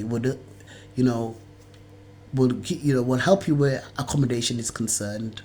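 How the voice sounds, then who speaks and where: A woman's voice: very deep voice, darkish tone. Agitated ranting woman, swearing freely. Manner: agitated, rambling, swears often, repeats herself. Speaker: video blogger. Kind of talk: ranting monologue to camera.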